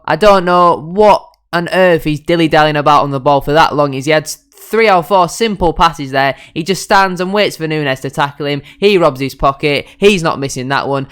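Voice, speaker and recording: A man's voice: a little high, a bit bright, clean tone. A young man commentating his own football management game, frustrated and self-critical as he calls the play. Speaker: gaming YouTuber.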